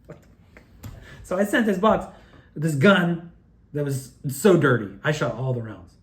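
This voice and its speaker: A man telling a rambling personal story, excitable and profane, often restarting his sentences. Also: fairly high pitch, measured pace, roomy sound. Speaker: video creator telling his own story.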